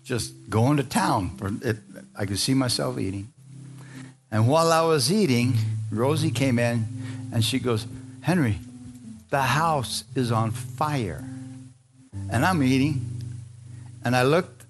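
A man's voice: mid-range voice, slow pace, pauses often. Storytelling male preacher over music. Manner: conversational storytelling, calls out to congregation. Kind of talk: sermon. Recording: music playing behind.

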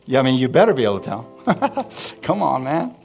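Animated pastor, a man telling stories. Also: mid-range voice, moderate pace, creaky, soft background music. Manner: animated, calls out to the congregation. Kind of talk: sermon storytelling.

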